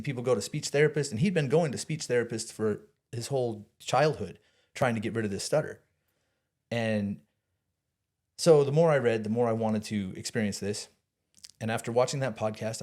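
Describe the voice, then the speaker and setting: A man in a casual interview, spinning a long personal story. He gets animated, swears freely and trips over his words as he goes, his voice at an ordinary middle pitch. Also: brisk. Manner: animated, swears, laughs, restarts often. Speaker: podcast guest.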